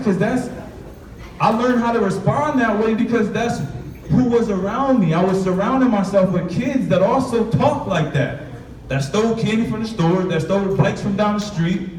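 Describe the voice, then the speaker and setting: A man's voice: high-pitched, darkish tone, a little hiss or hum. Man telling a story in an echoey hall. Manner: candid, street-inflected storytelling with acted-out quotes. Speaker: author speaking to students. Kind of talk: motivational storytelling talk. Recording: echoey room from far off.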